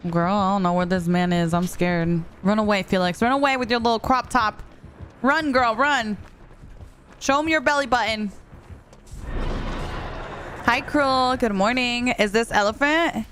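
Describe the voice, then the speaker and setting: A young woman talks slowly and a touch high as she streams, teasing her chat in a playful, laughing way. Soft music runs quietly under her voice. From Spanish-speaking background. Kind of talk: casual live-stream chat. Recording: soft music playing behind.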